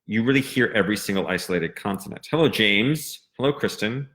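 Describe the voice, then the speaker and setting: A man teaching a singing lesson, explaining diction and stressing crisp consonants. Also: fairly low pitch, lively intonation, brisk, a bit bright.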